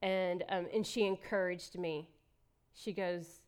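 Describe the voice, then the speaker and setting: With a lowish, darkish voice that stays steady, clear and resonant, a middle-aged church speaker unhurriedly tells a candid and emotional personal story. She laughs frequently along the way.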